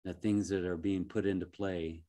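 A man working as a life coach, giving a gentle, reflective motivational talk with frequent soft chuckles and halting restarts. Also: low voice, flat delivery.

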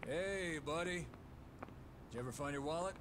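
A man's voice: a little high, moderate pace, background noise, natural voice. An actor playing a kindly male police officer in a video game, talking in a friendly, easygoing way.

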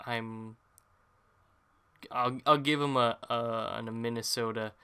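A man's voice: medium pitch, steady tone, takes it slowly, pushed and bright, clean tone. A man giving casual, rambling let's play commentary, chatty and self-deprecating as he plays. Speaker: gaming channel host.

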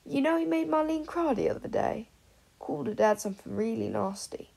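A woman voicing a blunt, sharp-tongued teenage schoolgirl in an audiobook, with a husky voice. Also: fairly high pitch, big pitch swings, brisk, pitched above the performer's own voice, full character voice. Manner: blunt, snappy.

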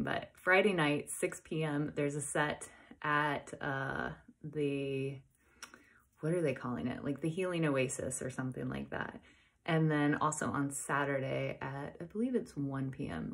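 A woman hosting a podcast, telling a personal story in a casual, excitable way and acting out the conversations she had. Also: low-pitched, gravelly. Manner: chatty, excitable, retells dialogue with many "I was like". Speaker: podcast host.

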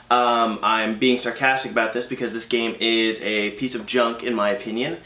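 A man talks casually through his game collection, chatty and opinionated with plenty of ums and uhs. His voice is bright and forward at an ordinary pitch. The recording carries a noticeable room echo. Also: fairly even intonation, normal speed, hardly any pauses. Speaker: gaming channel host. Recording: echoey room.

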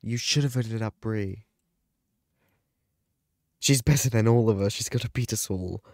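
A man's voice: fairly low pitch, a little slow, a little mellow, dry recording, clean studio sound. A man giving live gaming commentary, dramatic and panicky, often exclaiming and laughing. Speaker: gaming video creator.

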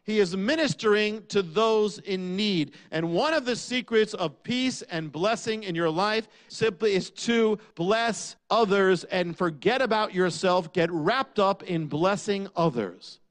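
Guy preaching, pretty high voice, punchy, drops way down to land a point. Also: unhurried, few pauses, a bit bright. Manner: emphatic, rhetorical questions, drops low on key lines. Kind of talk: sermon.

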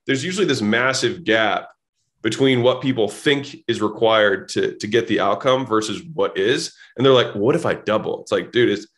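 Blunt low-voiced man telling stories. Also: moderate pace, a bit bright. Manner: blunt, swears freely, acts out both sides of conversations. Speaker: podcast guest. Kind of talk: casual storytelling.

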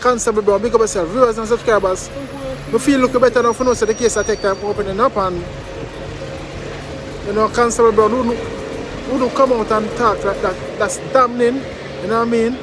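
Jamaican man ranting with high voice. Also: fairly even intonation, brisk, music in the background. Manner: emphatic, repetitive, patois-laced. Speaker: vlogger. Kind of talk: commentary vlog.

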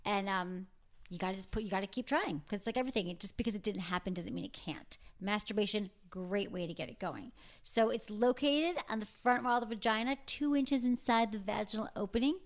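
A woman's voice: medium pitch, brisk. A woman hosting a casual, frank chat, talking freely and laughing easily. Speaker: host.

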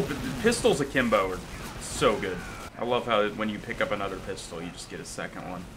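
A young man talks through his gameplay live, excitable and loose with his swearing. His pitch swings widely as he reacts, and he often breaks into yelling. Loud game noise runs under his voice the whole time. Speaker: gaming commentator.

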